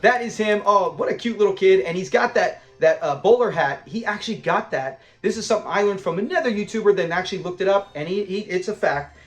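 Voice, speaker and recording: A man's voice: high-pitched, fast talker, few pauses. A man hosting a casual episode breakdown, talking in an enthusiastic, rambling fan style. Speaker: host of a show-review channel.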